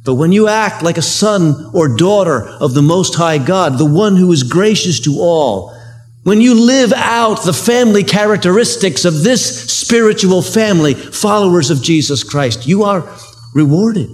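A man's voice: high-pitched, lively intonation, unhurried. A man preaching a sermon as pastor, earnest and conversational, using everyday examples. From United States.

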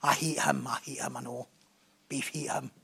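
A preacher voicing sullen men who hate someone, in a deep, flat, muttered grumble. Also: male voice, normal speed, vocal fry, breathy edge, exaggerated voice. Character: sullen grown men grumbling about a man they hate.

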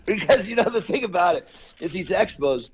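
Gravelly, swearing man talking shop. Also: sits high, expressive, fairly quick. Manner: swears constantly, blunt and boastful. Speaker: podcast host. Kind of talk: casual profane chat. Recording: dull lo-fi sound.

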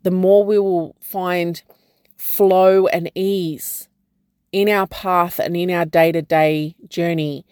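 A woman talks slowly and gently in a reflective personal vlog, offering spiritual encouragement. Her voice sits low, and the recording is dry and close. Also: fairly even intonation, clear, resonant tone, dry recording. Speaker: program founder and guide.

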